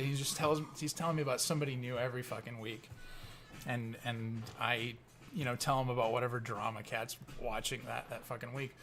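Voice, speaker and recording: A man's voice: medium pitch, fairly even intonation, fairly quick, a bit bright, soft background music. Rambling, profane middle-aged man vlogging. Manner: rambling, profane, many restarts. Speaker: YouTube commentator. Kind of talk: casual storytelling commentary.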